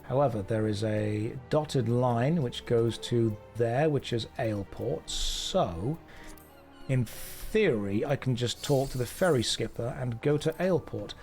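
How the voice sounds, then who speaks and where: A young man giving casual live commentary on a game he is streaming, with dry, sarcastic running jokes, talking from a warm indoor room. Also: mid-range voice, a little slow, faint music behind.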